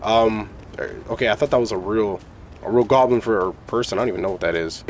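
A young man giving casual, excitable, slangy commentary while playing a video game. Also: fairly low pitch, fast, a little hiss or hum. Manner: excitable, yelling, slangy, hype. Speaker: gaming streamer.

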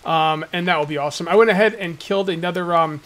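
This gaming YouTuber, a man with a slightly high voice, talks at a quick pace with a fairly bright tone. His let's-play commentary is casual and jokey, full of ranting and chatting at viewers, and he slips into mock voices.

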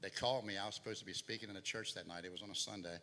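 Bright-voiced preacher in a hall. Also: male voice, fairly low pitch, steady tone, racing. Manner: storytelling, voice swells and drops. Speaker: guest preacher. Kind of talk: sermon testimony. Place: church sanctuary. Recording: hall reverb, faint noise.

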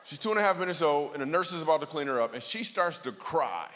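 A man's voice: a little high, fast talker. A man giving a guest sermon at a church, telling funny stories and bantering with the crowd. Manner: storytelling with jokes, lively asides to the crowd. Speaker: guest speaker. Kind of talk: comedic sermon. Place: church auditorium. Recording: church hall reverb.

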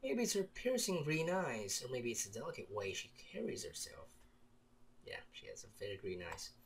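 A man's voice: mid-range voice, big pitch swings, normal speed. A man from the Philippines playing a visual novel, reading its lines aloud with playful, jokey asides. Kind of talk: let's play commentary and narration.

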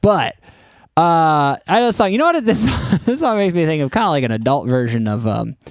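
A man's voice: a little high, very animated, moderate pace, no echo, clean studio sound. A man co-hosting a video reaction show, chatting casually and laughing often. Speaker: co-host reacting to music videos.

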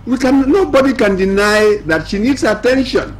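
A man's voice: high-pitched, soft background music, close to an everyday voice. A man playing a solemn village elder. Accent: Nigerian. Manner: measured, lively pronouncements. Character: authoritative village elder passing judgment.

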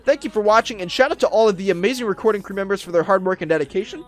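A man doing excitable, rambling commentary over a roleplay game, barking orders and filling gaps with ums. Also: high voice, rapid-fire, faint music behind. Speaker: roleplay YouTuber.

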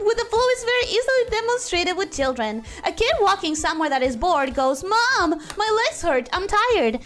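A young woman streaming while she draws, chatting casually and rambling, often cutting herself off mid-sentence. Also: high-pitched. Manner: rambling, self-interrupting, animated. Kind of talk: casual chat while drawing.

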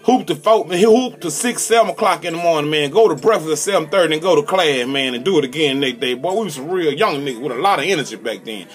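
A man, hosting a casual live radio show and shouting out his hype intros. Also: a little high, animated, quick pace, few pauses. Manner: hyped, shouting call-outs and shout-outs. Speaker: radio host.

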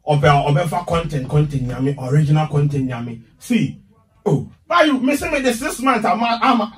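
A defiant Ghanaian man with a fairly high voice argues his side in radio banter, mixing English and Twi. He sits a little back from the microphone. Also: sing-song, normal speed, recorded from a distance. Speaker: radio guest.

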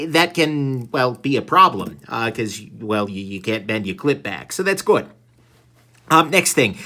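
A man's voice: medium pitch, pushed and bright. A man giving a casual product review, enthusiastic and rambling, full of fillers, restarts and wry asides. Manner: wry self-deprecating asides.

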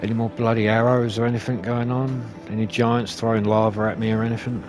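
A man commentating his own gameplay, swearing and shouting at enemies as he plays. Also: medium pitch, a little fast. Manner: sweary, excitable, talks to enemies. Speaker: gaming YouTuber. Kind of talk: let's play commentary. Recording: game music behind voice.

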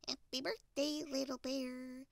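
A woman's voice: high voice, flat delivery, measured pace, vocal fry, no echo, voice pushed up. A woman doing a polite storybook duck. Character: polite friendly female duck.

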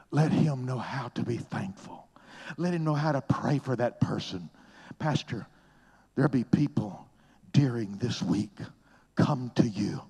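An older man with a husky, breathy voice preaches a sermon at an unhurried pace. He sinks into hushed whispers, then breaks out in loud, high exclamations.

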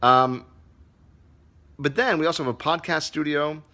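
A man's voice: a little high, a little slow, pushed and bright. A man who teaches comedy, hosting a casual livestream Q&A, reading viewer comments aloud in a loose, profane way.

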